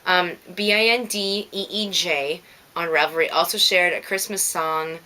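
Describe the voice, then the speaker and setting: A woman's voice: fairly low pitch, a little slow, sharp tone. Chatty woman with a Minnesota accent. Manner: chatty, rambling, thanks listeners by name. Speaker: knitting podcast host. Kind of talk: casual chat.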